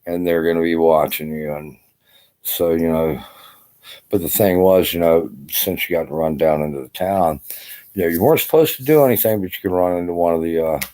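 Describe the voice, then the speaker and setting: A worn-out older man talks to his camera in a low, dark, mellow voice. He rambles loosely, swears often and leans on "you know" between every thought. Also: a little fast. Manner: rambling, profane, full of "you know" fillers. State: exhausted. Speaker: army veteran vlogger. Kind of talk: casual rambling vlog monologue.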